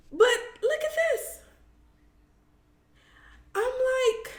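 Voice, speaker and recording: Woman live-stream host, relaxed unhurried delivery, chatty with viewers, recorded in an echoey room. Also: very high voice. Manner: chatty and animated, talks straight to viewers, reads comments aloud. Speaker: live-stream host recapping a reality show. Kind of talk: casual live-stream chat.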